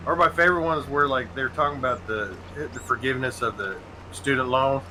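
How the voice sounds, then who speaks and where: A man hosting a gaming stream, chatting casually while he plays. He tells stories in an animated way, laughs often and swears freely. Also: medium pitch, a little fast, a little hiss or hum, rough recording. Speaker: gaming channel host.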